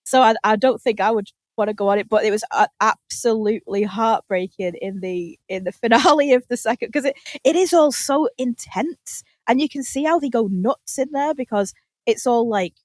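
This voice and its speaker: A woman with a fairly high voice, chatting on a podcast. She rambles through animated stories and acts out the lines people said. The sound is close and dry. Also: normal speed, no room sound. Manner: animated rambling storyteller, acting out quotes. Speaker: podcast co-host. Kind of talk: casual chat. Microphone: podcast microphone.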